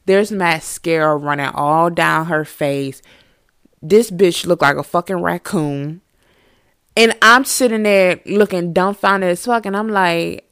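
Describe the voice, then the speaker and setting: A woman podcast host telling a storytime monologue in a candid, profane, animated way. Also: on the low side, slow, clear, resonant tone, dry recording, studio quality.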